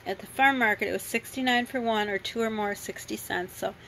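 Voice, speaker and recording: Chatty mom rambling through a food haul. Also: female voice, mid-range voice, brisk, creaky, pushed and bright, a little hiss or hum, low-quality recording. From grew up in another country. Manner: rambling, chatty, many ums and self-corrections. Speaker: vlogger showing a grocery haul. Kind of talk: casual chat.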